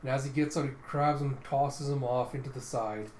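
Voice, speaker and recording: A man walks through a comic page by page in a loose, rambling play-by-play. His pitch sits in the ordinary male middle, and the room adds a noticeable echo with a faint hiss. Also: steady tone, a little fast, darkish tone. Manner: casual, rambling play-by-play with fillers. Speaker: comic readthrough host. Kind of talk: casual comic narration.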